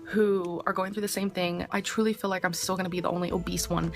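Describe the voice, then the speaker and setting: A woman's voice: fairly low pitch, steady tone, fast talker. A woman vlogging her day, talking anxiously about her nerves and worries. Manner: nervous, anxious, self-pitying. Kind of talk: vlog diary.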